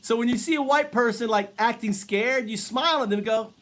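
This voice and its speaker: High-voiced man teasing a stranger. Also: brisk, hardly any pauses, fairly bright tone. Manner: teasing, provocative, laughs often. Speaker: streamer chatting with strangers. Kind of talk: casual chat.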